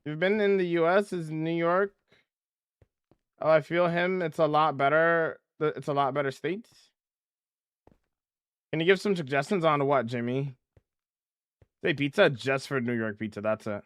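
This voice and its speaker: Guy on a livestream chatting w/ viewers, hums while building, kinda high bright voice. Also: unhurried, long pauses, clean tone, dry recording, clean studio sound. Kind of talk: casual livestream chat.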